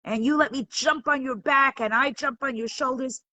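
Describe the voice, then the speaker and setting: A woman voicing a cheerful nine-year-old boy in a story she tells, a little higher than her own voice. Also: normal speed, bright, forceful tone, no room sound. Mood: happy.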